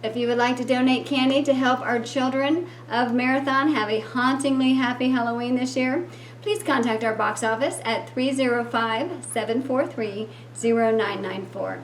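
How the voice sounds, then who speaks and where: A woman's voice: fairly high pitch, normal speed. A woman who is a community theater's vice president of productions, giving an upbeat event announcement. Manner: upbeat, reads out dates and numbers. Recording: echoey room with faint hum.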